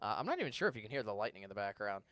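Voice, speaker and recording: A man's voice: fairly low pitch, very animated, very fast, fairly bright tone, dry recording. A male TV meteorologist in a studio, answering viewer questions in a live, conversational weather broadcast and sometimes stumbling over words. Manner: stumbles and restarts when searching for words. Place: TV station studio.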